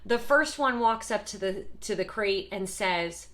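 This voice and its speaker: A woman explaining parenting communication in a lively, emphatic teaching talk, acting out short example voices. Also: medium pitch, a little slow, few pauses. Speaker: parenting educator.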